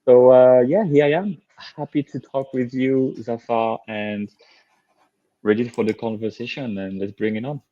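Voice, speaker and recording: A man's voice: medium pitch, a little slow, no echo, highs cut off. A man in his thirties from France, speaking English with a French accent as an interview guest, earnest and upbeat as he tells his story. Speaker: guest, leadership coach.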